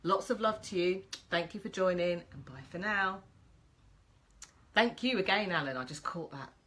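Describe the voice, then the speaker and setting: A woman's voice: lowish voice, animated, moderate pace, a bit bright, low-quality recording. A woman host giving a chatty, encouraging motivational talk to her viewers.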